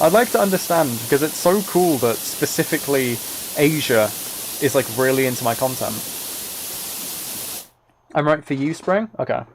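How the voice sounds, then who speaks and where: A young British man hosting a relaxed livestream, chatting casually and rambling as he answers his chat. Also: medium pitch, normal speed, pauses often, rough recording. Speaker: livestream host. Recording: steady hiss of spraying water behind.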